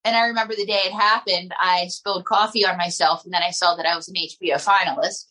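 Husky, bright-voiced chatty woman. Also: fairly low pitch, fairly even intonation, fast talker, rough recording. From United States. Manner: chatty, rambling, with many fillers. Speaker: comedian and ventriloquist guest. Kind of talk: casual interview chat.

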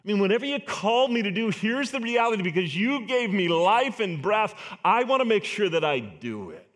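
A man's voice: high voice, sing-song, moderate pace, fairly bright tone. A man preaching a sermon as pastor, earnest and emphatic, asking the congregation rhetorical questions.

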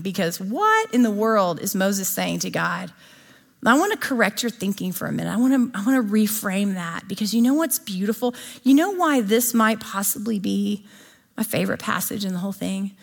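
Woman preacher, mid pitch, chatty sermon delivery that poses questions to the congregation. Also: lively intonation, moderate pace, vocal fry. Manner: conversational, asks the audience questions. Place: church or gathering before an audience.

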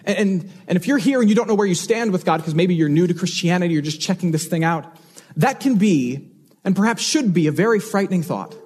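A man's voice: sits high, animated, a little fast, darkish tone, breathy edge. A man preaching a sermon as pastor, earnest and emphatic, repeating key phrases for weight.

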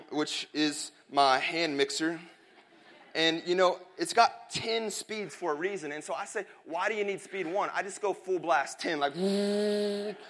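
Slightly high-voiced joking male preacher. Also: fairly bright tone. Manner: chatty, joking storyteller. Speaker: pastor. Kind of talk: sermon with a humorous personal story.

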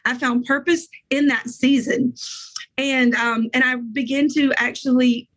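Middle-aged woman guest, husky, rather high voice, earnest faith testimony. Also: level tone, a bit bright, poor audio. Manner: earnest, emotional, fast bursts of speech.

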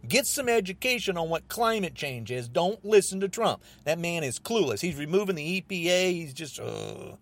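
An angry man hosting his own podcast, ranting about politics in an agitated, repetitive way, often rising almost to a shout. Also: on the high side, big pitch swings, moderate pace, hardly any pauses. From United States. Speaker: podcast host.

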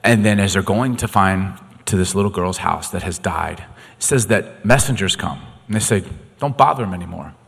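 A man preaching a sermon, dramatic and swinging from quiet to loud, in a long echoey hall. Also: sits low, moderate pace, creaky, breathy edge. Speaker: pastor.

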